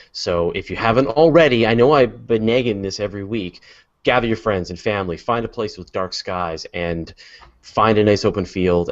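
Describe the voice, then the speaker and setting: A man with a Canadian accent hosting a casual panel chat over a video call, upbeat with plenty of fillers. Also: deep voice. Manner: upbeat, sign-off patter with fillers. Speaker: host. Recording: dull lo-fi call audio.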